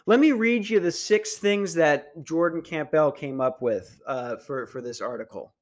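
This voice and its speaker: A man's voice: a little high, measured pace, few pauses. A young man hosting a podcast, ranting casually in a crude, meandering and sarcastic way. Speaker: podcast host. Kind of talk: casual rant.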